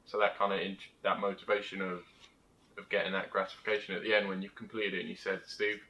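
Bright low young man explaining. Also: flat delivery, fast talker, poor audio. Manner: explains with examples and acted quotes. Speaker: podcast co-host. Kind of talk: casual chat.

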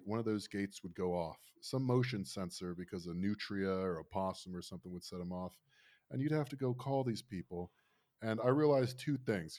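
A man's voice: on the low side, darkish tone. A man in his thirties, from Florida, telling a rambling, wry story in casual chat.

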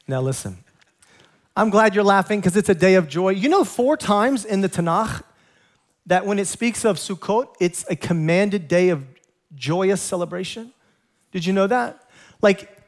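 A male pastor preaching a sermon to his congregation, excitable and animated, mixing scripture with humor. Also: sits high. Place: church sanctuary.

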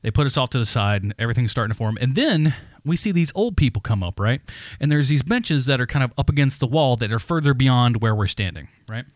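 A man co-hosting a podcast, telling a story in a casual, animated, heavily profane rant. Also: mid-range voice, quick pace, no room sound, studio quality. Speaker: podcast co-host.

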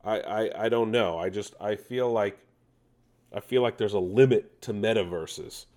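A man hosting a relaxed nerd news show, speaking in a slightly low voice. He rambles playfully and breaks off into jokey asides to himself. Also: unhurried. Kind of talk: casual news chat.

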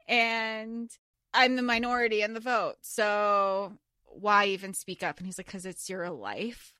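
A woman's voice: medium pitch, unhurried, clean tone, no room sound, studio quality. A woman co-hosting a podcast, talking casually and animatedly about a book, swearing freely and filling with likes and you knows. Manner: animated, swears freely, lots of filler words. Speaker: podcast co-host.

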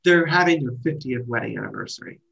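A middle-aged man, a wedding planner and guest, telling stories in casual conversation with lively restarts and trailing phrases. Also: mid-range voice, fast, creaky, lo-fi sound. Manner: animated storyteller, trailing restarts.

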